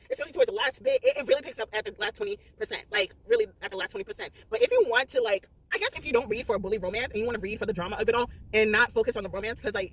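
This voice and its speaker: A woman rattles through a spoiler book review at a quick clip, her voice slightly husky and breathy. She is blunt and profane, and she keeps acting out her own reactions in sudden high exclaims. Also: a bit bright, no room sound. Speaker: book vlogger.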